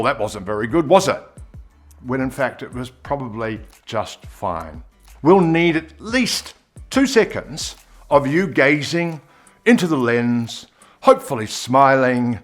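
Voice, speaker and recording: A man giving an on-camera presenting lesson, expressive and demonstrating pitch and pace as he explains. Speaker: presenter coach.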